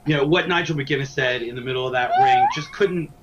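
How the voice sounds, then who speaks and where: A man's voice: a little high, wildly swooping pitch, fairly quick. A middle-aged man, a wrestling broadcaster, chatting eagerly as a guest with stammering restarts from his home den. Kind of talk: casual interview chat. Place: small home man cave. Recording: dull lo-fi sound, faint noise.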